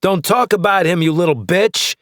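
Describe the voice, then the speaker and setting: A man's voice: on the high side, big pitch swings, normal speed, a bit bright, dry recording, clean studio sound, voice pushed up. A man doing a sneering, taunting gunman. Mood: furious. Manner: sing-song taunting, roaring when angry.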